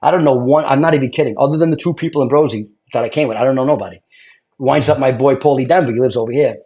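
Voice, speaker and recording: A middle-aged man from Brooklyn with a New York accent, a retired fire lieutenant telling animated stories and acting out quotes. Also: medium pitch, rapid-fire. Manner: animated storyteller, acts out quotes, laughs often. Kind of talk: casual storytelling chat.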